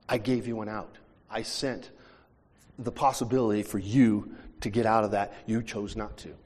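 A preacher voicing God as a calm, fatherly male figure speaking deliberately, in a reverberant hall. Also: breathy edge. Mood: patient. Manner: calm, deliberate, low-key.

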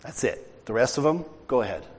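An older man preaching a sermon in an animated, conversational way, acting out bits of dialogue. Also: mid-range voice, a little fast, breathy edge, big-room sound. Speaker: pastor.

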